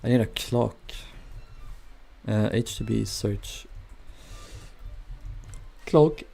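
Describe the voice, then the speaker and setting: Male streamer, 20s, warm low-key tone, casual rambling chat answering viewers. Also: level tone, slow pace, vocal fry, soft background music. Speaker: Minecraft streamer. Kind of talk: casual live-stream chat while building.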